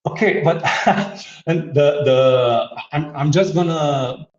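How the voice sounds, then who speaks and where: A man walks through a software demo in easy conversation, joking and laughing as he goes. He stumbles and restarts often. The audio is roomy and slightly muffled. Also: a little high, slow. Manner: playful, laughs often, many filler restarts. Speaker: guest demonstrating software. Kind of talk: casual tech demo chat.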